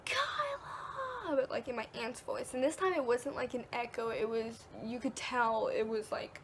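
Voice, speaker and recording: A woman's voice: a little high, steady tone, moderate pace, a little hiss or hum. A teenage girl vlogging, casually telling a story, full of "like" and acted-out quotes. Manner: chatty, peppered with "like", acts out quotes.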